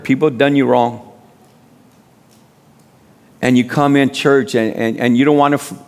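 Speaking in a mid-range voice with a darkish tone, a guest preacher delivers a sermon. His talk is informal and street-style, urging the congregation on with repeated calls of "amen."

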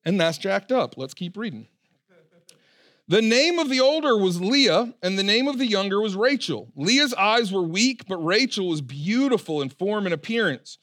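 A man preaching a sermon in a church room, in a casual, animated way, with slang and joking asides. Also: sits high, moderate pace. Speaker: pastor.

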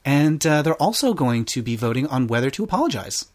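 A man's voice: medium pitch, very animated, fairly quick. A man hosting a casual podcast, rambling through news items with fillers and laughs. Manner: chatty, rambling, many fillers, easy laughs. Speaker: podcast host.

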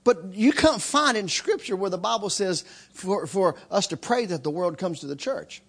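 Guy preaching in church, high voice jumping all over, tells stories loud. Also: moderate pace, breathy edge. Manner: animated, acts out shouting in stories. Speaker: guest preacher. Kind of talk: sermon with storytelling. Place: church sanctuary.

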